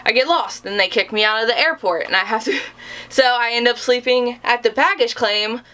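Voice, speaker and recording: A young woman telling a dramatic storytime about a travel ordeal, animated and self-mocking. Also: a little high, normal speed. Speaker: vlogger. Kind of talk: storytime vlog.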